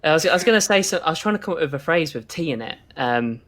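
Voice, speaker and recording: A man's voice: a little high, lively intonation, fast talker, a bit bright. A man with an English accent, a guest chatting casually over a call, often hesitating and searching for words. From England. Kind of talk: casual chat. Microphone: video call.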